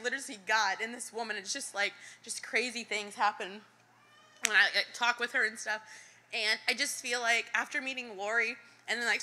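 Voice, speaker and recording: A woman's voice: a little high, pushed and bright. A young woman nervously sharing a personal testimony before a church congregation, giggling and using lots of fillers. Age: young adult.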